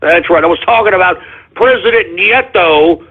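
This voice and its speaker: A male radio show host with a hoarse voice, ranting in exasperation with shouted outbursts, curses and apologies. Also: sits high, normal speed, background noise. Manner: curses, then apologizes for cursing. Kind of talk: ranting call-in radio monologue. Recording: tinny phone-like lo-fi audio.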